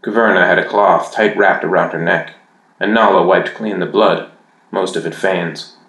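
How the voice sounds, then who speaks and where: A man narrating a fantasy audiobook in a measured, even storytelling manner. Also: low-pitched, echoey room, poor audio.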